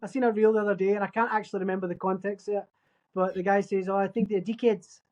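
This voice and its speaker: A woman's voice: mid-range voice, racing. A woman co-hosting a casual movie podcast chat, telling funny stories and acting out the quotes. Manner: animated storyteller, acts out quotes. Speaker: podcast co-host.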